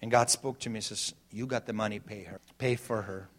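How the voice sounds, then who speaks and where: A middle-aged man preaching a sermon as pastor, swinging between loud emphatic lines and quiet storytelling, laughing between points. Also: on the low side, steady tone, a little fast, hardly any pauses. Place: church.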